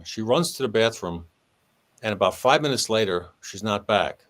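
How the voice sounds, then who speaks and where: A former police sergeant tells a long story in conversation, animatedly acting out the dialogue of the people in it with a shifting voice. His voice is on the low side and his pace is moderate.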